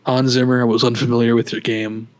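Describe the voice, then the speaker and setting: A male podcast co-host chatting casually about films, with a rambling, jokey delivery. He often restarts his sentences and trails off in the middle of a thought. His voice sits at an ordinary middle pitch. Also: flat delivery, fast talker. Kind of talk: casual chat. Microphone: podcast microphone.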